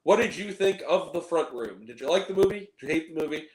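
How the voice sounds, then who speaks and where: A man's voice: a little high, animated, fast, darkish tone, roomy sound, low-quality recording. A man hosting a movie review video, rambling casually with plenty of fillers and casual swearing.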